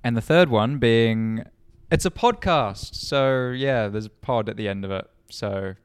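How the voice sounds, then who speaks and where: A man's voice: mid-range voice, unhurried, smooth, no room sound. Young man teasing in dry chat. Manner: teasing, joking banter. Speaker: podcast co-host, racing driver. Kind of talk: casual chat.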